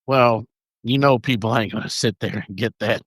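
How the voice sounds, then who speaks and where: A man's voice: fairly low pitch, normal speed, fairly bright tone, breathy edge, no room sound. A man co-hosting a podcast, chatting casually and reading notes aloud, stumbling over names. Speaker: podcast co-host.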